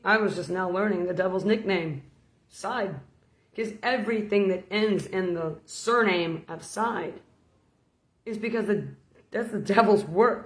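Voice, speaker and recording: A woman's voice: mid-range voice, roomy sound. Woman preacher telling a playful story. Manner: storytelling, playful, laughs between points. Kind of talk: informal sermon vlog.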